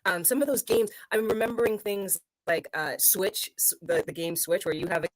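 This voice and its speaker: A woman's voice: animated, normal speed, no echo, poor audio. Woman host in dry casual chat. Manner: conversational, acts out quotes in a much higher voice. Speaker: podcast host.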